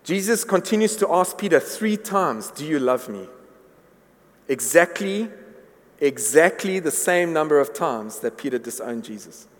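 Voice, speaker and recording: A pastor preaches in a large church hall, his words fading into a long reverb. He is earnest and pitched slightly high for a man, with lively intonation and a moderate pace, and he often stumbles and repeats words as he builds toward a point.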